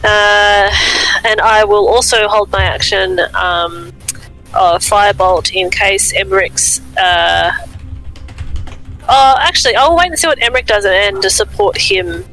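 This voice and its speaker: A high-pitched man with a bright, tense tone and a gravelly edge plays a tabletop game. He talks hesitantly with plenty of fillers. Faint music runs behind him. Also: a little slow, poor audio. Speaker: player.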